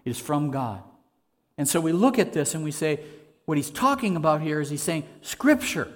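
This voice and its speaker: A man's voice: on the high side, very animated, brisk. A man preaching a sermon in an earnest, conversational way, asking his listeners rhetorical questions. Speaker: pastor.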